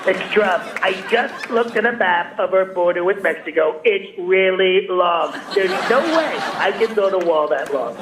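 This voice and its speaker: A man's voice: high-pitched, lively intonation, unhurried, hardly any pauses, a crowd in the background, background noise. An actor playing a brash, boastful and clueless male billionaire president in a comedy sketch phone call, talking in a blustering, self-satisfied, rambling way.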